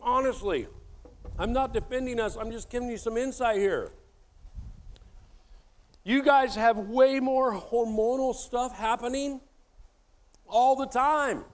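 Casting: middle-aged male pastor, high-pitched voice, lively jokey delivery addressing the crowd. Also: slow, long pauses. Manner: animated, jokey, addresses audience directly. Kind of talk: sermon.

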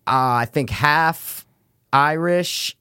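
A man's voice: on the high side, bright, forceful tone, clean tone, dry recording, studio quality. A man co-hosting a podcast, chatting casually in a joking, rambling way. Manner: joking, rambling, quick to banter. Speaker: podcast co-host. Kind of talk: casual chat.

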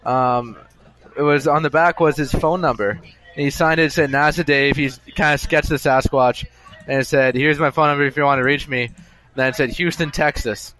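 A man with a fairly high, bright voice hosts a casual podcast from a bar, speaking at a moderate pace in a steady tone over soft background music. Chatty and amused with himself, he rambles through a long solo story and keeps repeating himself.

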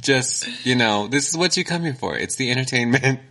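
A man's voice: medium pitch, expressive, normal speed, noisy background. A man co-hosting a podcast, chatting casually with dry jokes and frequent laughs. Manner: joking, dry asides, laughs often. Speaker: podcast co-host.

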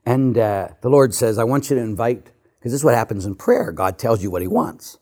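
Older male priest preaching to a congregation, animated and joking, drops to a near hush for emphasis, mid-range voice. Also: mid-range voice, a little fast. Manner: animated, joking, swings from loud to hushed. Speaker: Catholic priest. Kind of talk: storytelling talk to a church audience.

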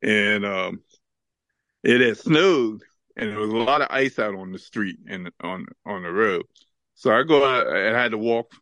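A man co-hosting a podcast, telling stories in a casual, animated way and laughing often. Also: fairly low pitch, measured pace, no echo. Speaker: podcast co-host. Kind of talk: casual chat and storytelling.

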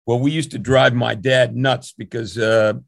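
An older man with a gravelly, creaky voice, recorded dry and close, tells long stories as a veteran coach. He rambles warmly from anecdote to anecdote, with plenty of restarts and small chuckles. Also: mid-range voice, steady tone, moderate pace, no echo. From New Jersey, USA. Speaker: swim coach. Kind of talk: relaxed interview storytelling.

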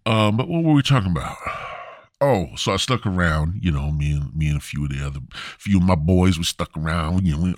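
A man's voice: deep voice, expressive, a little fast, dry recording, studio quality. A man hosting a podcast, telling rambling, crude, self-mocking stories into a podcast mic. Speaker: podcast host. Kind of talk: crude comic storytelling.

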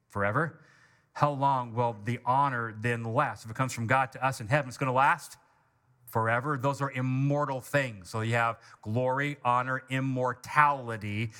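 A man preaching a sermon as pastor, emphatic and climbing in pitch on key words. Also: sharp tone.

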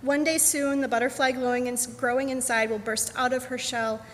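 A woman voicing a gentle, loving mother mole who speaks softly and reassuringly, in a storybook reading. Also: high-pitched, fairly even intonation, fairly quick, close to an everyday voice. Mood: tender. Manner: soft, soothing, reassuring. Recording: echoey church hall, faint hum.

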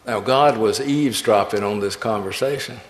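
A man's voice: lowish voice, normal speed. A man preaching a sermon as pastor. He reads scripture and tells stories, and he voices the quoted lines. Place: church sanctuary. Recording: echoey, reverberant church hall.

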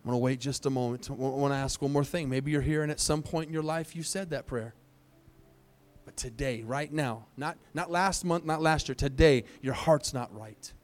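A man at middle pitch preaching to his congregation in a church service. He pleads earnestly and keeps repeating short phrases as he calls people forward. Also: moderate pace. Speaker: pastor. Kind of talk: altar call sermon.

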